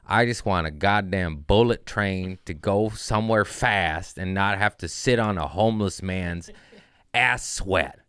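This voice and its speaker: Low smooth-voiced man ranting profanely. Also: a little slow, a bit bright, no room sound, studio quality. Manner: profane ranting with rising outbursts; riffing, self-mocking asides. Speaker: comedian hosting a podcast. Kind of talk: casual comedic monologue.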